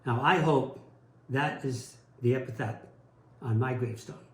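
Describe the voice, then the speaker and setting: A man's voice: mid-range voice, measured pace. A man preaching a sermon as pastor, telling personal stories in an earnest way. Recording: roomy echo.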